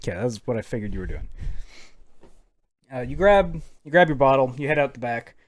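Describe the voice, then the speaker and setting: A man's voice: medium pitch, very animated, a little fast. Male game master, mid voice, casual and jokey, swears freely. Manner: casual, swearing, laughing often. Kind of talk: narrating a tabletop game.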